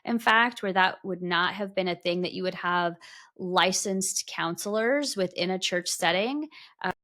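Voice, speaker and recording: A woman with a lowish, slightly slow voice and a bright, forceful tone hosts a podcast interview. She talks thoughtfully, asking long questions and rephrasing them as she goes, in a casual chat.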